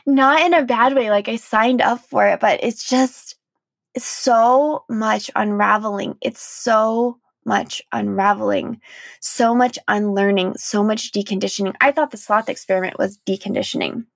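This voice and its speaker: A young woman hosts a solo podcast, speaking in a candid, heartfelt way with a gravelly fry at the ends of her phrases. The sound is dry and close. She sprinkles in "like" and gentle laughter as she reflects. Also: a little high, steady tone, unhurried, dry recording. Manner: emotional, candid, frequent "like" and soft laughs. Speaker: podcast host.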